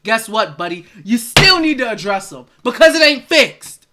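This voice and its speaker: A man's voice: extremely high pitch, big pitch swings, moderate pace, background noise. A man hosting a live sports stream, ranting in exasperation and repeating phrases for emphasis. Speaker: sports livestream host.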